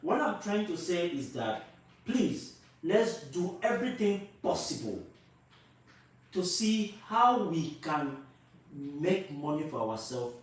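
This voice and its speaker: This Nigerian vlogger speaks slowly in a high-pitched voice with big pitch swings, emphatic and repetitive as he fires rhetorical questions at viewers. The recording catches him from a distance in a very echoey room.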